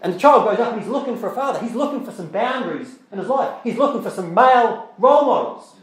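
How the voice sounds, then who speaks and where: A man's voice: sits high, lively intonation, fast, reverberant, rough recording. A man preaching a sermon as pastor, talking conversationally with rhetorical questions and repeated words, and reading scripture aloud in old-style English. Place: church.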